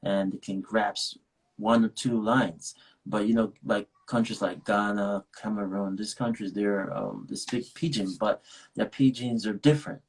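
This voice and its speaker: A man's voice: lowish voice, fairly even intonation, unhurried, rough recording. A man from Nigeria, an actor being interviewed over a video call, talking casually and rambling with many restarts and laughs. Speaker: actor guest.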